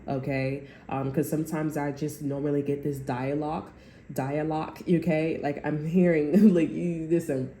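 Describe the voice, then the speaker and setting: A woman's voice: sits low, mellow, echoey room, slight background noise. A woman giving a casual tarot reading, rambling and chatty, often checking in with "okay?". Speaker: tarot reader.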